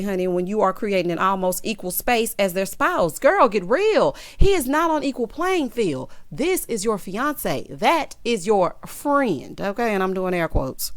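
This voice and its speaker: Southern woman, middle pitch, dry close sound, sassy, expressive recap host. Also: dry recording. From American South. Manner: sassy, expressive, quick to react with laughter and asides. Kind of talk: casual reality TV recap.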